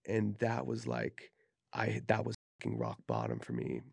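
Gravelly-voiced man telling a candid story. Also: fairly low pitch, sing-song, unhurried, no echo, clean studio sound. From Utah, USA. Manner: candid, profane, acts out quoted speech. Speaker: podcast guest, tattoo artist. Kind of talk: casual storytelling interview.

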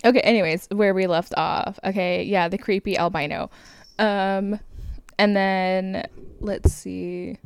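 A woman's voice: medium pitch, fairly even intonation, measured pace, smooth, dry recording. A woman hosting a podcast late at night, recapping a movie in casual chat, often giggling and rambling with many fillers. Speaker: podcast host.

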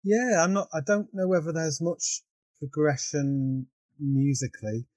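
A man's voice: fairly high pitch, unhurried, a little mellow, no echo. A man chatting casually on a podcast, hesitant and correcting himself as he talks. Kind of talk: casual chat.

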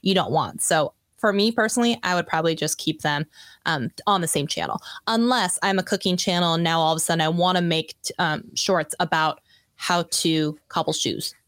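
A woman guest speaking as a video coach, chatting casually and quickly with many fillers over a video call. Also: lowish voice, a bit bright, no echo, studio quality. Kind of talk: casual expert chat.

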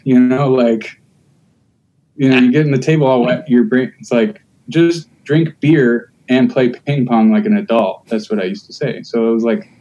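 Mellow rambling podcast man. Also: medium pitch, moderate pace, muffled recording. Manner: rambling, loose, many fillers and restarts. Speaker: podcast host. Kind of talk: casual podcast chat.

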